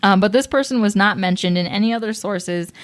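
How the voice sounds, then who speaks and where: A woman's voice: medium pitch, a little fast. Woman telling a true-crime case. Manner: reads case notes with hesitant fillers and giggles. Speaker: podcast co-host. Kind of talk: casual true-crime chat.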